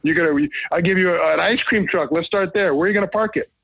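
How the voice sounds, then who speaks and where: Animated New man on a tinny line. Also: high-pitched, fast talker, vocal fry, breathy edge, no echo. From Brooklyn, New York. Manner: rambling, animated storyteller with many restarts. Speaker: guest. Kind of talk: casual chat. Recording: tinny phone-like line, dry.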